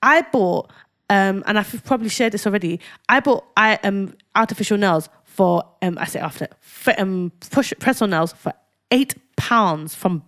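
A woman co-hosting a casual podcast, talking in an animated, emphatic way and often checking in with her listeners. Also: medium pitch, moderate pace. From Africa. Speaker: podcast co-host.

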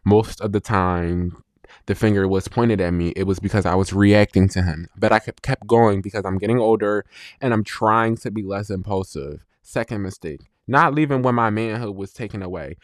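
A man with a lowish voice hosts a solo podcast, talking through a breakup in a candid, unfiltered way. He swears freely and pauses to reflect. The sound is dry and close, with no room around it. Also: no echo. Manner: candid, blunt and profane, slow and reflective. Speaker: podcast host. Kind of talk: confessional solo podcast monologue.

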